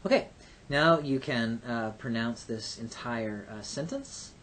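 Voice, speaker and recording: Methodical male language teacher, faint rumble. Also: expressive, takes it slowly, a bit bright. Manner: methodical, explains step by step with frequent uh and um. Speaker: Hebrew teacher. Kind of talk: recorded grammar lecture.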